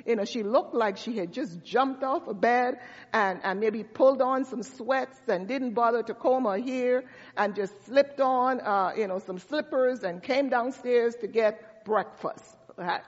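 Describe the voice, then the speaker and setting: Brief: female pastor, higher voice, chatty storytelling sermon, long church reverb, dull lo-fi sound. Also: measured pace. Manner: storytelling, conversational preaching with asides to the congregation. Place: church sanctuary.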